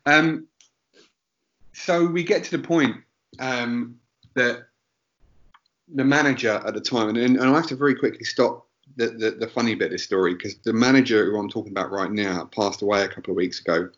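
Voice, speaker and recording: Bloke rambling thru a funny story, swears a lot, keeps cutting himself off, mid pitch, bit muffled lo-fi sound. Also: male voice, normal speed, fairly bright tone. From England, Essex. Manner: rambling, sweary, self-interrupting. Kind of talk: casual comedic storytelling.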